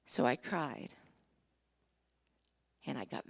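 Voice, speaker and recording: A woman in her forties giving a sermon testimony, telling her story with strong feeling, acting out what was said, rising to near-shouting and dropping to whispers. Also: rumbling low, expressive, slow pace, vocal fry, long pauses, husky. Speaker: Christian singer giving a testimony. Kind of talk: sermon testimony to a live audience.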